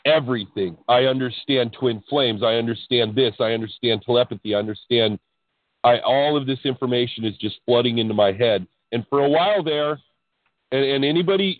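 A man as a podcast guest, recounting his spiritual awakening in an excitable, animated way. He tumbles over his words and restarts his sentences. His voice sits in a middling range and comes through a narrow, tinny line with no room sound. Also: mid-range voice, dry recording. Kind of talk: casual storytelling about spiritual experiences.

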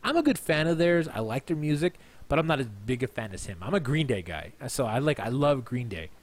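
A man's voice: mid-range voice, sing-song, brisk. Tipsy man rambling through a story. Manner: rambling, repeats himself, restarts phrases. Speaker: podcast host. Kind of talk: casual storytelling monologue.

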